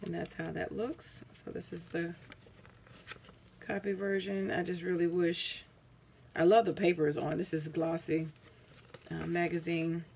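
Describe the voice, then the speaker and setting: A woman's voice: on the low side, little pitch movement, measured pace, creaky, pauses often, a little mellow, a little hiss or hum. A woman showing her crafts in a casual, rambling vlog, tired, correcting herself with plenty of ums, recorded at home on a camera mic. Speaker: craft vlogger. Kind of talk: casual show-and-tell.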